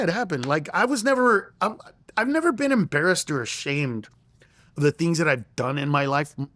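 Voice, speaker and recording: Man, middle-aged, comedian, lively storytelling, acts out quotes, dry studio. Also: high-pitched, no echo. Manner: acts out quoted lines in raised voice, laughs through story. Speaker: comedian guest. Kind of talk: animated storytelling in conversation.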